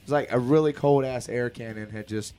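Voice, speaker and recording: A man's voice: medium pitch, a little fast, mellow, faint music behind. Laid-back, joking man on a podcast. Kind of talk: casual storytelling chat.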